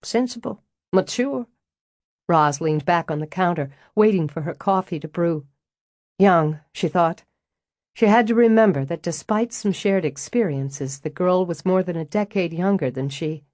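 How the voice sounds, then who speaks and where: A woman reads a novel aloud in an even, measured way. Her voice sits low, and the recording is dry and close. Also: dry recording. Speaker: audiobook narrator. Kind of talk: scripted narration.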